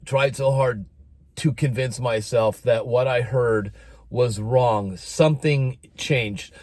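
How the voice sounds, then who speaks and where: Man, middle-aged, American, casual storytelling, animated, dry close recording. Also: medium pitch, dry recording. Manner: animated, breaks into announcer-style shouting when quoting. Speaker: vlogger telling a story.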